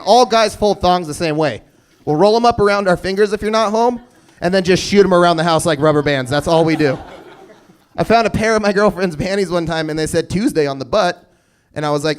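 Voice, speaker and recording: A man in his thirties doing a stand-up comedy set, telling stories deadpan with sudden loud bursts. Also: high-pitched, clean tone. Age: 30s. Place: comedy stage before a live audience.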